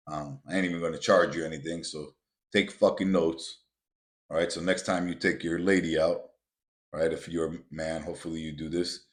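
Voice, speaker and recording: A man hosting a motivational podcast, talking bluntly and emphatically straight to his listeners and swearing freely. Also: sits low. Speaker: podcast host.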